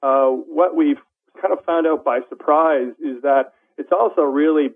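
A man from Canada calling in as a guest, calmly explaining a product with some fillers. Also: on the high side, normal speed. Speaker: phone-in guest from a kayak company. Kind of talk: casual phone interview. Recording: tinny phone line.

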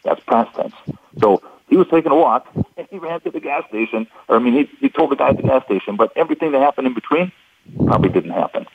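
A man's voice: medium pitch, animated, quick pace, breathy edge, dry recording, narrow, tinny audio. A man explaining clues in how people speak, as an interview guest, in a patient and methodical way that repeats key points. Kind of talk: instructive radio interview.

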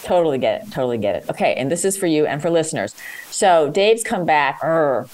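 A woman with a very deep voice hosts a call-in coaching show. She talks with lively energy as she guides a caller through a tricky workplace conversation. She keeps slipping into short role-played lines to show what to say. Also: a little fast. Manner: energetic, coaching, acts out sample dialogues.

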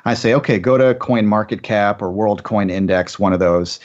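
A man's voice: fairly low pitch, normal speed, darkish tone, lo-fi sound. A man as a guest analyst on a finance radio show, talking in a chatty way with many uh fillers and giving confident opinions.

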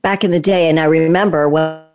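A woman's voice: deep voice, fairly even intonation, fairly quick, darkish tone, soft background music. Enthusiastic woman in her sixties hosting. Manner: enthusiastic, talkative, leading questions. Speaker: interview host. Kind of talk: conversational interview.

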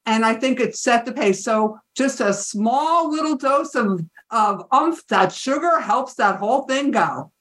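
A woman's voice: fairly high pitch, expressive, measured pace, few pauses, fairly bright tone. A woman interview guest, telling a personal story in a reflective way. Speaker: guest, author. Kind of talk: interview talk.

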